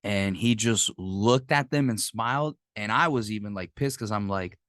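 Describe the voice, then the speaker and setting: A man's voice: fairly low pitch, moderate pace, a bit bright, clear, resonant tone, dry recording, clean studio sound. A man hosting a casual podcast, telling stories animatedly and swearing freely. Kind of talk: casual chat.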